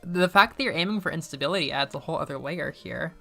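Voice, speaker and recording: A woman's voice: low-pitched, fast, creaky, pushed and bright, soft background music. A young woman chatting casually while playing a video game, rambling and swearing freely. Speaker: gaming streamer.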